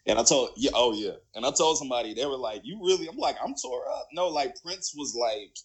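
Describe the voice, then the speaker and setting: A man in casual conversation, talking in an animated way, laughing often and repeating his phrases. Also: medium pitch, brisk. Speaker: musician guest. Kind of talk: casual chat.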